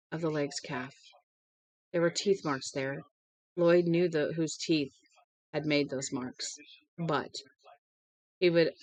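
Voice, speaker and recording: A woman's voice: low-pitched, no room sound, rough recording. A woman reading a novel aloud steadily, with small slips and restarts now and then. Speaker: audiobook reader.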